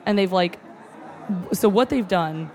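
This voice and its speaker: Gushing, excitable talker in casual chat. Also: medium pitch, measured pace, a faint crowd. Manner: excitable, gushing, with many fillers and swearing. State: moved nearly to tears.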